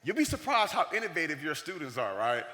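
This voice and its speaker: A man's voice: a little high, fast talker. Man speaking on a reverberant conference stage. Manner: animated, acts out the voices of the people in his stories. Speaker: keynote speaker. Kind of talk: storytelling keynote speech. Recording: long reverb of a large hall.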